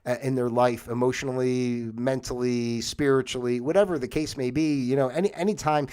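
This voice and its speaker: A man's voice: medium pitch, fairly even intonation, brisk, a little mellow, clean tone. A man hosting a livestream, talking through ideas in a rambling, reflective way with many fillers and restarts. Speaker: host. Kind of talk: casual livestream monologue.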